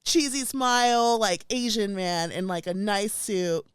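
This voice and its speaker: A young woman co-hosting a casual podcast, telling an animated story full of "like"s and laughter. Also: mid-range voice, a little slow, clear, resonant tone, dry recording, clean studio sound. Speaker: podcast co-host. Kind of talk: casual chat.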